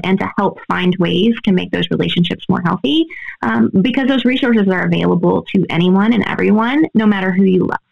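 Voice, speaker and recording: Brief: earnest expert woman, gravelly edge, dull lo-fi sound. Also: on the low side. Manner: earnest, explanatory, often adds "right?". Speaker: guest expert. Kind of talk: interview answers.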